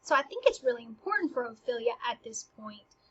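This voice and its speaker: A woman casually explaining a play scene by scene. Her delivery is animated and swings between emphatic and hushed. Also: a little high, brisk, breathy edge, dull audio.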